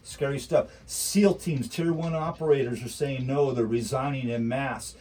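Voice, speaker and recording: A man's voice: mid-range voice, fairly even intonation, moderate pace, darkish tone, slightly rough, rough recording. A man talking politics in a casual chat, ranting heatedly with lots of rhetorical repetition. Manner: mocking quoted voices.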